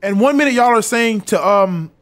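A man's voice: sits high, expressive, normal speed, fairly bright tone. A young man streaming a game live, commenting in an exasperated, profane way and repeating himself. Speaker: gaming streamer.

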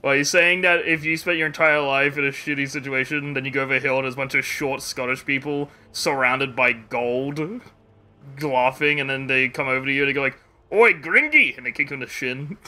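A man's voice: mid-range voice, little pitch movement, fairly quick, bright, forceful tone. A man streaming a game live, rambling casually, swearing freely and laughing often. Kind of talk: casual gameplay chat.

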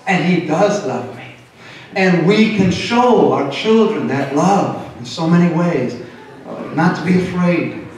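A middle-aged man preaches a sermon with animated delivery and a fairly high voice. He is picked up from some distance in a very echoey church hall. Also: a little slow. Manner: animated, switches into Spanish, acts out quotes. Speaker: pastor. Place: church sanctuary.

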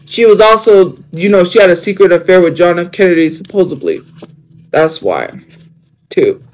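A man's voice: high voice, animated, normal speed, poor audio. A young man chatting casually on a livestream. He rambles, jumps between topics and fills his talk with fillers.

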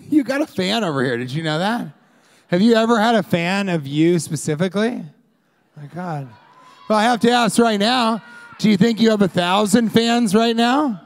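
A man from Colorado doing a rambling stand-up comedy set on a club stage, shouting out bits of crowd work and acting out fans yelling at him. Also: high-pitched, creaky.

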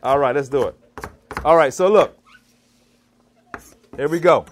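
A man's voice: fairly high pitch, a little slow, a little hiss or hum. A man from the DC and Maryland area with a Maryland accent, giving a live cooking demonstration in a church hall, playful and quizzing his audience in call and response. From Washington DC / Maryland area, US. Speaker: chef giving a cooking demo.

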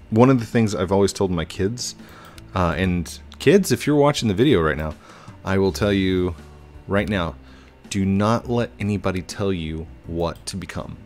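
A man in his thirties giving casual, chatty commentary while gaming, excitable and breaking into high squeals. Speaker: YouTuber.

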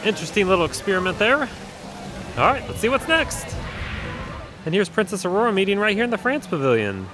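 A man's voice: high voice, sing-song, fairly quick, long pauses, over music. A man vlogging his day outdoors at a theme park, upbeat and enthusiastic as he talks to viewers. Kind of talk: casual vlog narration.

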